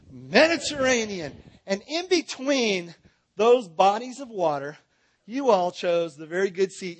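A man teaching a Bible seminar in a church, joking with and directing his audience. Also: high voice.

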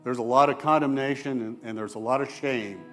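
A man delivering an earnest sermon as a church elder, his voice at a middle pitch. He presses on key words and sometimes slows right down, then falls soft and low for tender quoted lines. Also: fairly even intonation, faint music behind. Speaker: elder preaching.

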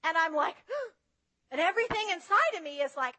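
A woman's voice: very high-pitched, big pitch swings, moderate pace, pushed and bright, poor audio. A woman preaching a sermon in an earnest, conversational way, telling personal stories. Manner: earnest, conversational, tells anecdotes.

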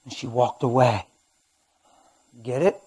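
A middle-aged man preaching, his voice husky and slightly breathy at a middling pitch. He tells his testimony dramatically, dropping to near-murmurs and then rising loud for emphasis. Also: fairly even intonation, slow. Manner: dramatic storytelling, swings from quiet to loud. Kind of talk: sermon testimony.

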